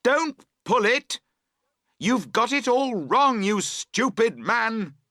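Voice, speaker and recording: A man voicing an angry camper who shouts at his friend over a wet tent, his voice much higher than his narration. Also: sing-song, takes it slowly, no room sound, studio quality, exaggerated voice. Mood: furious. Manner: shouting, exasperated.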